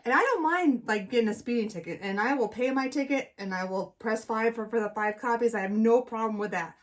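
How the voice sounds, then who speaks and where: A woman's voice: a little high, fairly quick. A middle-aged woman co-hosting a casual chat, telling a story with lots of acted-out voices. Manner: animated storyteller, acts out voices. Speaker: co-host.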